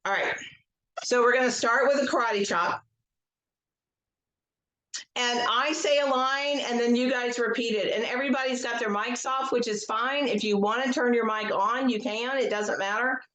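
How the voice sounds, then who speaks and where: A woman, an educational psychologist, leading a guided tapping session with slow, gentle affirmations and casual asides, speaking over a video call from home. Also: a little high, steady tone. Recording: echoey room.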